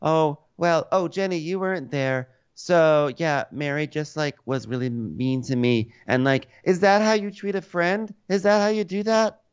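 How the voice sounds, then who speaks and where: A man puts on a high, whiny woman's voice for a hurt friend who asks sing-song, complaining questions. The sound is dull and lo-fi. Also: steady tone, a little slow, few pauses, clean tone, close to an everyday voice.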